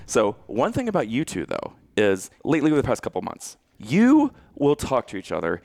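A middle-aged man co-hosting a podcast, telling family stories in an animated way and laughing often. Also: mid-range voice, brisk, vocal fry, no echo. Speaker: podcast co-host. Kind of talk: casual family chat.

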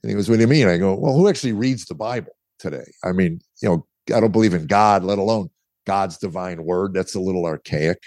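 A man's voice: low-pitched, quick pace, a little mellow, dry recording. A middle-aged man, a guest author, telling his story candidly in conversation and acting out the dialogue he quotes. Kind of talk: interview storytelling.

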